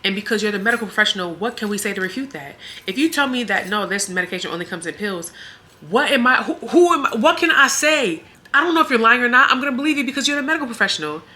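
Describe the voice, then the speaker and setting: A woman's voice: on the high side, lively intonation, very fast, pushed and bright. A woman vlogger telling a story in an emotional, indignant way. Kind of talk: storytime vlog.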